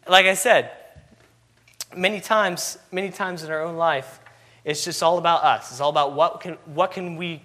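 Bright-voiced man preaching a sermon. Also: on the high side. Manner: repetitive rhetorical questions, constant "you know".

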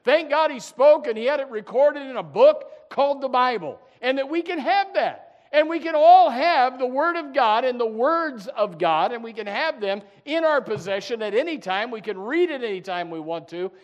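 Man preacher, high voice, fervent sermon, soft asides then loud cries, repeats himself. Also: lively intonation, moderate pace, hardly any pauses, dull audio. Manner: swings from quiet asides to loud fervent cries, many restarts.

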